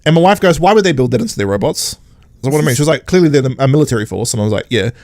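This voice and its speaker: A man's voice: medium pitch, animated, very fast, a little mellow, no room sound. A man, co-hosting a podcast and recapping an episode in casual, sarcastic chat with mocking quoted voices. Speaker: podcast co-host.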